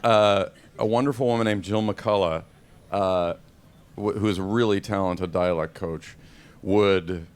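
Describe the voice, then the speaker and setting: A man in his forties with a fairly low voice, taking audience questions at a film event. He talks in a self-deprecating way and laughs often. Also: steady tone, measured pace, clean tone. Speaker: actor guest. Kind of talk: press event Q&A.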